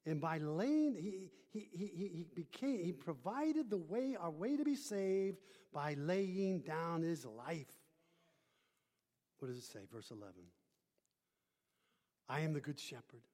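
A male pastor with a notably high voice preaches a sermon, building to emphatic peaks and then dropping to near-whispers. He calls out to the congregation for a response. His voice carries long reverb through a large church. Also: big pitch swings, unhurried. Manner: call-and-response, rising emphatic then hushed.

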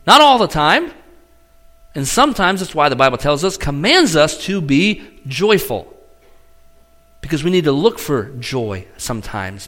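Delivering a sermon, a middle-aged pastor shifts animatedly in pitch and volume, moving from earnest, emphatic passages to quiet ones.

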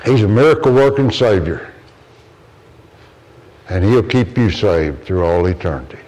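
A man's voice: expressive, a little slow, a little mellow, poor audio. Earnest preacher man. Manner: earnest, storytelling, rises in pitch when quoting others. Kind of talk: sermon.

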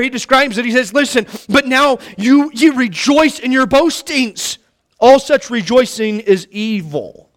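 A man in his thirties delivers a sermon as a pastor, his voice sitting notably high for a man. He tells homely stories and jokes with the congregation, restarting his phrases often in an easy, folksy manner. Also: a bit bright. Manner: folksy, joking storytelling with many restarts.

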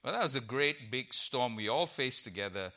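Bright-voiced man preaching a sermon. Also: medium pitch, lively intonation, normal speed. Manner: warm storytelling with frequent uh fillers. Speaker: guest preacher. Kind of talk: sermon with a humorous anecdote. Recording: church service recording.

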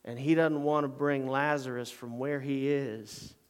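A man preaching a sermon in a church. He swings from quiet, low passages to loud, emphatic ones. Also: steady tone, measured pace, smooth, long reverb tail. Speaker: pastor.

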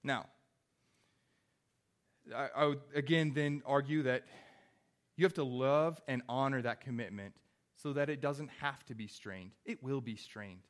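A man's voice: mid-range voice, a little slow, pauses often. A young adult man, a pastor, preaching a sermon in an earnest, conversational way with wry asides.

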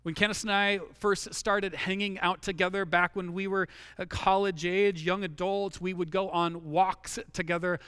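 A middle-aged man delivers a sermon in a high, bright voice, recorded close and dry. He is earnest and keeps returning to his key phrases, sinking lower and slower to drive them home. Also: level tone, clean tone, no room sound. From Washington state. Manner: earnest, repeats key phrases, drops low and slow for emphasis. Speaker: pastor.

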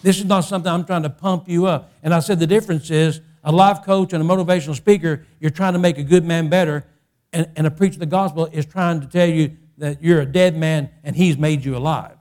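High-voiced man preaching with fervor. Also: fairly even intonation, a little fast. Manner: preaching, rising to loud impassioned peaks; repeats and restarts phrases. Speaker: pastor. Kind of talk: sermon.

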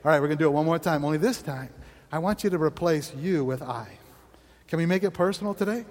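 A man preaching an energetic sermon as pastor, exclaiming and laughing often between lines. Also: a little high, fast talker, big-room sound.

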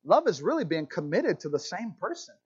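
Country-accented male pastor, high voice, animated sermon delivery, slightly muffled recording. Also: brisk, breathy edge. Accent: Southern US country. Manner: animated preaching, asides to congregation.

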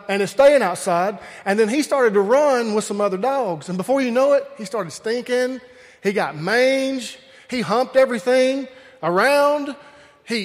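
A man with a Southern accent from Alabama, preaching with folksy humorous stories and talking straight to the crowd. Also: very high-pitched. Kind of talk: humorous storytelling sermon. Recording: long hall reverb.

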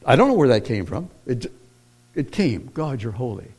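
A man preaching a sermon, moving from hushed personal storytelling to loud, emphatic declarations. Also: mid-range voice, big pitch swings, moderate pace, breathy edge. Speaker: pastor.

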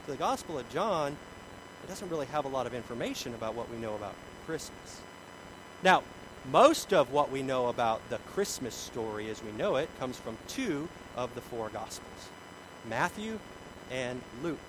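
A middle-aged man preaching a sermon, telling stories about himself in an animated way, with big swings in loudness. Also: mid-range voice, normal speed, background noise. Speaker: pastor.

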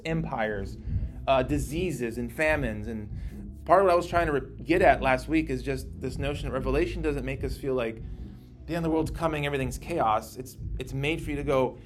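A man teaching a casual Bible class, talking in a conversational, animated way and acting out the scripture he quotes. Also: medium pitch.

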